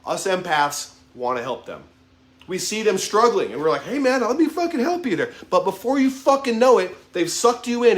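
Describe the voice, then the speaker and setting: A man's voice: high voice, a bit bright, echoey room. A man in his thirties giving an impassioned motivational monologue, swearing heavily in a raw, emphatic way. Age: 30s. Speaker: vlogger.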